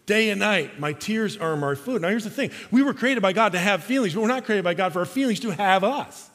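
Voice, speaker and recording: A man preaching a sermon as pastor, swinging between loud emphatic lines and soft, slow, hushed passages. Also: high-pitched, lively intonation, in a large hall.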